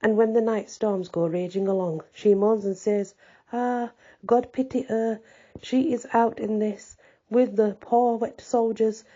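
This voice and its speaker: A woman voicing a talkative old peasant father who rambles and repeats himself in a husky voice. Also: on the high side, dark tone, dull audio. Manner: rambling, repetitive telling.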